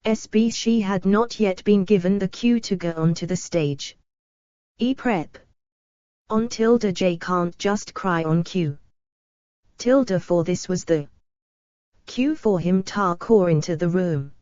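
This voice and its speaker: Woman reading dictionary entries, symbols and all, slow, dry close sound. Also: on the low side, no room sound, dull audio. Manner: flat, literal reading of symbols and abbreviations.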